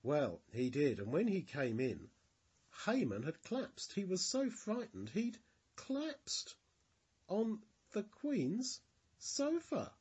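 Male storyteller, children's bible story, gentle, husky, slow. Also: high voice. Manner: expressive, gentle.

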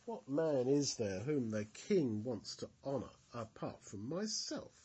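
A man's voice: mid-range voice, very animated, measured pace, darkish tone, breathy edge, heavily acted. A man voicing a proud, scheming male royal advisor who talks with indignant outbursts. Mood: smug. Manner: shocked, indignant.

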